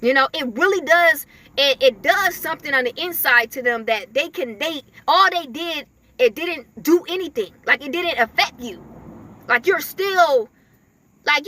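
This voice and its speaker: Woman, spiritual messenger: very high, sharp voice, dry close sound, casual filler-heavy delivery. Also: no room sound. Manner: chatty, filler-heavy, laughing often.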